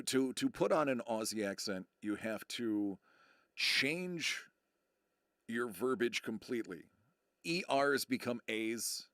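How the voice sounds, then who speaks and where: Heard in a fairly bright, mid-range voice with no echo and studio-quality sound, a middle-aged American man rambles casually on a live stream. He's self-deprecating, and his speech is riddled with fillers and restarts.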